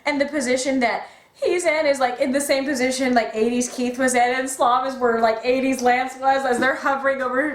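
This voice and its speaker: Excitable woman gushing, echoey room. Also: high voice, a little fast. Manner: excitable, gushing, acts out quotes. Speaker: podcast guest. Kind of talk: casual fan chat.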